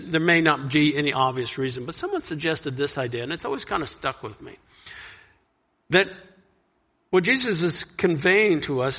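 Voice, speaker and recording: A man preaching a sermon, earnest, reading scripture loudly and dropping soft to reflect. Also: a little high. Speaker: pastor.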